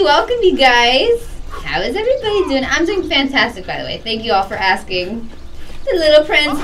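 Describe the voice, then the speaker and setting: A woman's voice: sits high, sing-song, moderate pace, distant mic, background noise. A young woman streaming a game, chatting casually and greeting her viewers by name with lots of giggles. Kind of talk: casual live-stream chat while gaming.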